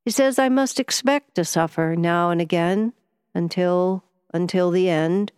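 A woman voicing an ailing, dispirited gentleman in an audiobook, speaking in a low, meditative, subdued way. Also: measured pace, clean tone, dry recording, clean studio sound, lightly acted. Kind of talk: audiobook character voice.

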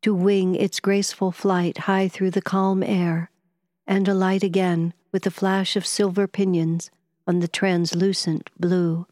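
Reading an audiobook, a woman with a fairly low voice tells the story in a measured, expressive way. The studio recording is clean, with no room sound.

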